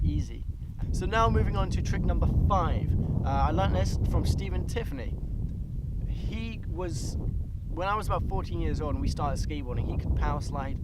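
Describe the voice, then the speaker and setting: A young man vlogging casually about skateboard tricks, chatty and loose with lots of fillers. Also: a little high. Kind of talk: casual tutorial talk. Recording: outdoor recording with loud background noise.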